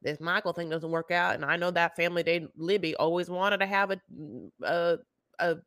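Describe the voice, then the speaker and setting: A woman co-hosting a podcast, talking in animated, rambling casual chat with frequent restarts. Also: on the low side, moderate pace, dry recording, clean studio sound. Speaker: podcast co-host.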